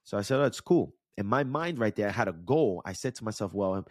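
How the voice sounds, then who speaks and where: In a clean, dry studio recording, a man in his thirties from the New York/New Jersey area speaks with a fairly low, expressive, slightly mellow voice at a somewhat quick pace. A podcast host and life coach with a local accent, he tells a personal story in a casual monologue, candid and conversational, checking in with the listener now and then.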